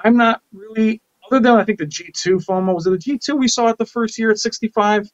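A man's voice: sits high, quick pace, dry recording. Enthusiastic man, dull dry sound. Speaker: co-host. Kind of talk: livestream tech chat.

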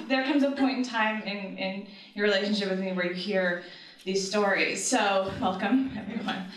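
A woman with a mid-range voice tells a true story live on stage before an audience, chatty and giggly, with lots of ums. The venue is very echoey, the mic is distant, the audience can be heard, and there's heavy background noise.

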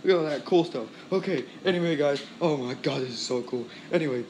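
Excitable male vlogger, somewhat high voice, rambling and worked up, faint hum behind. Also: fairly quick. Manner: excitable, rambling, frequent exclamations. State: sweaty and worked up. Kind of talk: excited casual teardown vlog.

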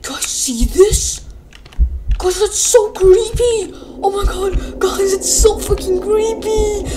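A young woman with a very high, girlish voice reacts to a horror game in breathless, frightened bursts. She talks slowly and drawn out, and a steady hiss of noise sits under her voice. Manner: excitable, squealing and gasping, breathless frightened exclamations. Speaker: gaming video creator. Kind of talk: playing a horror game for viewers.

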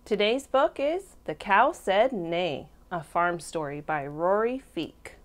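Female teacher reading a storybook aloud, lively pitch, slow and expressive. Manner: expressive, slow, questions to the children. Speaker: preschool teacher. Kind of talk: storybook read-aloud for toddlers.

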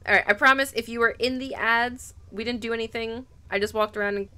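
A woman's voice: on the high side, steady tone, a little fast, sharp tone, clean tone. A young woman streaming a video game, chatty and giggly as she reacts to her chat. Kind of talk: live gameplay commentary.

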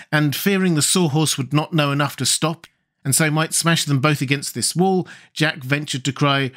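A man reading a children's fantasy storybook aloud as an audiobook narrator, measured and expressive. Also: on the high side.

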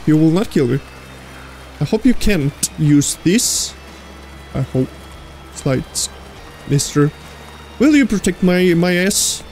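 High-voiced man talking through a horror game. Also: a little mellow, slight background noise. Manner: talks to the game's creatures, jokey and easily startled. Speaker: gaming streamer. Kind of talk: let's play commentary.

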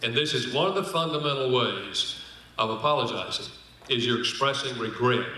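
A man gives a folksy church seminar talk with dry humor, drawing out the words he wants to land. His voice is strikingly bright and forward. The sound bounces around a large, very echoey hall. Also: medium pitch, a little hiss or hum. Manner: folksy, humorous, slows down to stress points. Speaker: speaker on marriage and apology.

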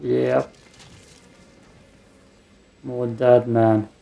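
A man's voice: mid-range voice, flat delivery, very slow, creaky, mellow. A man giving casual let's play commentary while gaming, with meandering mumbled asides. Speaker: gaming streamer.

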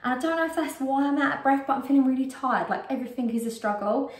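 A woman's voice: high voice, quick pace. A British woman vlogging a casual shopping haul at home, chatty and rambling with frequent ums, a bit out of breath. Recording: roomy echo, distant mic.

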